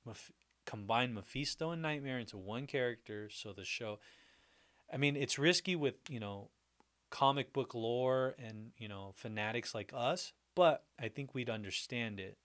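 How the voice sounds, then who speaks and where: A man hosts a casual livestream, chatting with his viewers in an easygoing, rambling way. His talk is full of restarts and loose fillers, and he stays upbeat and friendly throughout. His voice sits in an ordinary middle pitch for a man. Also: moderate pace, fairly bright tone. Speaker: livestream host. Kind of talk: casual livestream chat reacting to viewer comments.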